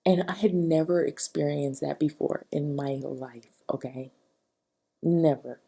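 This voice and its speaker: A young adult woman with a low, dark voice and gravelly fry. Her tone is husky and breathy, and she talks in a chatty, emphatic way as a vlogger giving advice. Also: fairly even intonation, a little slow. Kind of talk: casual talking-head advice.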